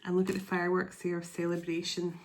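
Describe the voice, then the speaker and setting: A woman doing a spiritual tarot reading to camera, emotional and excitable, reading card texts aloud. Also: lowish voice, fast talker. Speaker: tarot reader.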